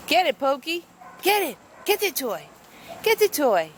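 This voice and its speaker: A woman coos at dogs in a high, swooping baby-talk voice, unhurried and sing-song. She coaxes and praises them while she plays. The recording is noisy, with dogs and kennel sounds behind her. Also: huge pitch swings. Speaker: kennel worker playing with dogs. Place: dog kennel play area.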